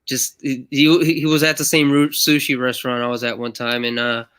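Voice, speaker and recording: Man, podcast host, smooth resonant voice, wry, laid-back. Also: medium pitch, monotone, fairly quick, fairly bright tone. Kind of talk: casual chat.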